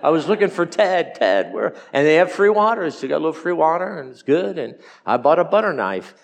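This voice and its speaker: A man preaching a sermon as pastor, telling folksy stories with jokes and slowing down to stress his points. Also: on the high side, animated, gravelly. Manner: storytelling, folksy and joking.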